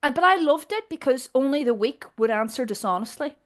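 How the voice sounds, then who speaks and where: Animated Northern Irish woman, rather high. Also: brisk. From Northern Ireland. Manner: direct, animated, laughs often while telling stories. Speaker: guest. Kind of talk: casual conversation.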